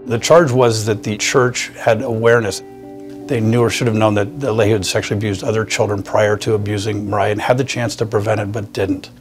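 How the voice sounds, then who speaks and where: Male lawyer type, low voice, firm, faint music. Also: level tone, fairly quick. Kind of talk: documentary interview.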